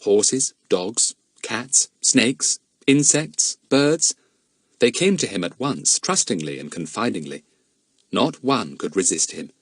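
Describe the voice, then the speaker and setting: A man narrating a children's adventure audiobook in an expressive storytelling manner. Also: lowish voice, takes it slowly, husky, no room sound, clean studio sound. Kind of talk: scripted narration.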